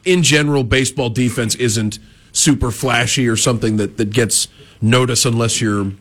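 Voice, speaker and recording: A man co-hosting a sports radio show, asking long, halting questions that stumble over their own start. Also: medium pitch, fairly even intonation, fairly bright tone. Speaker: radio co-host.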